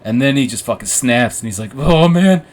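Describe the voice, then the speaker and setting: A man's voice: medium pitch, fast talker. A young man hosting a podcast, telling a story casually, rambling and swearing, with frequent laughs. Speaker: podcast host.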